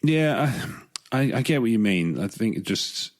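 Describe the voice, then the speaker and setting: A man's voice: medium pitch, animated, normal speed. A man co-hosting a podcast, chatting casually and rambling with frequent restarts. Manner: rambling, hesitant, restarts often. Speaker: podcast co-host.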